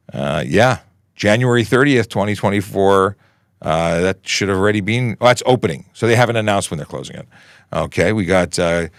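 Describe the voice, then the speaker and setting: A man's voice: low-pitched, no room sound, clean studio sound. Upbeat chatty man hosting a livestream. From Canada. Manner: chatty, upbeat, rambling asides. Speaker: livestream host, police constable. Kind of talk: casual livestream talk.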